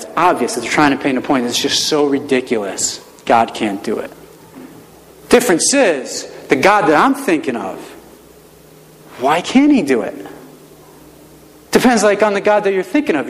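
A male pastor preaching a sermon in a relaxed, conversational way, with many rhetorical questions. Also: a little high, in a large hall, poor audio.

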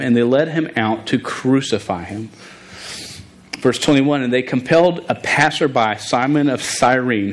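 A man's voice: mid-range voice, low-quality recording. Stuttering man preaching a sermon. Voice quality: stutters on word beginnings. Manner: earnest, informal, restarts often. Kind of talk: sermon with scripture reading.

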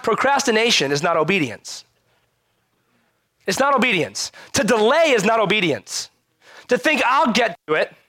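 High-voiced pastor preaching with lively conversational punch. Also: male voice, no room sound. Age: adult parent. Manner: animated, conversational preaching with frequent rhetorical questions. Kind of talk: sermon.

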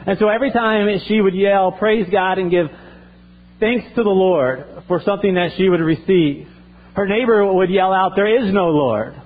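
An earnest male pastor delivering a sermon, often circling back and restarting his phrases. His voice is fairly high, and the recording sounds thin and phone-like. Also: moderate pace.

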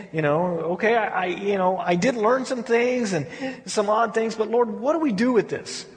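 A man preaching a sermon as pastor in a candid, conversational way, often restarting his sentences, recorded in a church sanctuary. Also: sits high. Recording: long hall reverb.

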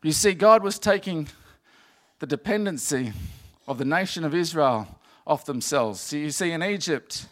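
A man's voice: on the high side, lively intonation, moderate pace, a bit bright. A man preaching a sermon in an earnest, repetitive way, rising to emphatic passages.

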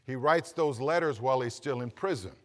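A man's voice: mid-range voice, a little fast. Dramatic preacher man with hall echo. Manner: dramatic, swings from loud calls to hushed storytelling. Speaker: pastor. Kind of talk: sermon. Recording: long hall reverb.

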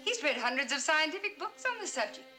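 A cheerful, teasing young wife. Her voice is high and bright, and faint film music runs beneath it. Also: big pitch swings, fast talker, exaggerated voice. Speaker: film character.

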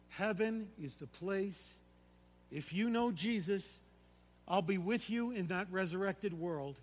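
A man's voice: sits high, a little hiss or hum. Man preaching with passion in a large hall. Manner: impassioned preaching, swelling to shouts then dropping to quiet prayer. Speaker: pastor. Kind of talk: sermon. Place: church sanctuary.

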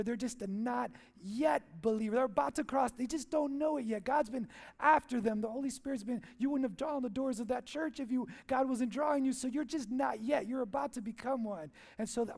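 A man's voice: very high-pitched, normal speed, gravelly, few pauses, darkish tone. A man preaching a sermon as pastor in a church, playful and jokey, asking the crowd questions and answering them.

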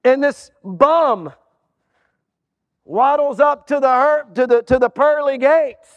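A man's voice: very high voice, takes it slowly. A male pastor preaching a sermon with humorous storytelling and wry asides. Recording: dull sound in a reverberant hall.

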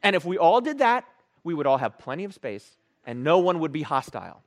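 A man preaching a sermon as a pastor, telling stories with animated, playful self-mockery. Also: fairly high pitch, a little fast.

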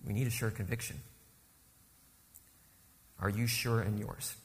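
A man's voice: on the low side, steady tone, measured pace, long reverb tail. A man preaching a sermon as guest speaker, asking the congregation rhetorical questions and then answering them. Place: church sanctuary.

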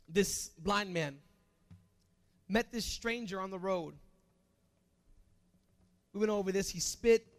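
A man preaches to his congregation animatedly and emphatically, firing off rhetorical questions. His voice is high and gravelly.

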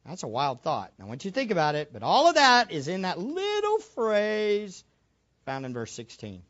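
A man's voice: sits high, wildly swooping pitch, normal speed, fairly bright tone, muffled recording. A man preaching a sermon, asking questions of the congregation and stressing his points. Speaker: pastor.

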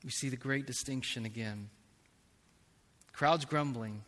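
A man preaching a sermon as pastor, slow and emphatic, swinging between hushed and loud passages. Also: mid-range voice. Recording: long reverb of a large hall.

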